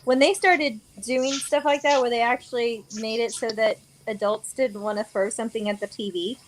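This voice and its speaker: A woman's voice: a little high, steady tone, normal speed, a little hiss or hum, low-quality recording. A woman in her forties hosting a casual chat, talking freely and laughing easily. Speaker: host.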